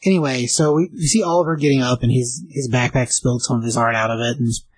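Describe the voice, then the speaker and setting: A man casually recapping a comic book page by page, rambling with lots of fillers and slipping into quick voices for the characters. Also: medium pitch, steady tone, slightly rough, no room sound, rough recording.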